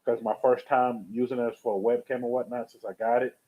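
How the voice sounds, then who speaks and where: A man's voice: mid-range voice, level tone, fairly quick. Chatty man with a tinny sound. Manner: rambling, chatty, greets viewers from chat. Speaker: live streamer. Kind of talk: casual live-stream storytelling. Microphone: webcam or USB streaming setup.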